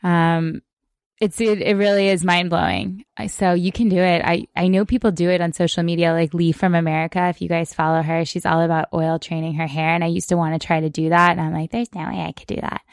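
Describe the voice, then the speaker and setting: Woman co-host, low-ish voice, dry close sound, easygoing chatty delivery. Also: fairly even intonation, a little fast, vocal fry, no room sound. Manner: chatty, frank, laughs easily, with restarts. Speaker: podcast co-host. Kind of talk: casual chat. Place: on a sailboat. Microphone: podcast mic.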